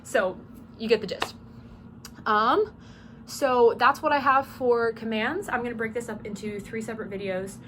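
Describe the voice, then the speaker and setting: A young woman from South Georgia with a Southern accent sounds fairly bright and on the high side, keeping a steady tone at normal speed. She casually teaches drum major commands, chatty and peppered with "um," speaking the commands out loud as examples. It was recorded in a small dorm room with background noise clearly present.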